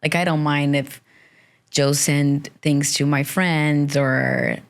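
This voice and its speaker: A woman's voice: low-pitched, fairly even intonation, takes it slowly. A woman from Brazil with a Brazilian accent co-hosting a podcast, chatting casually and telling stories with loose, nonstandard English grammar. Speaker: podcast co-host. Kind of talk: casual chat.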